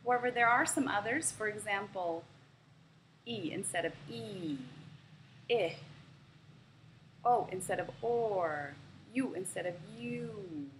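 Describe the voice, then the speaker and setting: A woman speaking slowly and precisely as she leads a pronunciation lesson. She over-enunciates each practice word and repeats it several times for learners. Her pitch sits in a middle range, with a faint hiss behind her. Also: a bit bright, rough recording. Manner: slow, careful over-enunciation, repeating words for drill. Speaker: pronunciation teacher. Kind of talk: instructional lesson narration.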